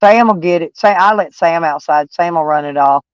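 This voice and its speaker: Man with a stuffy nose, casual van-life chat, rambling, high smooth voice, dry close sound. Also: normal speed, no room sound, highs cut off. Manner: rambling, plainspoken, chatty. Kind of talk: casual live chat with viewers. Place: in a van, door open.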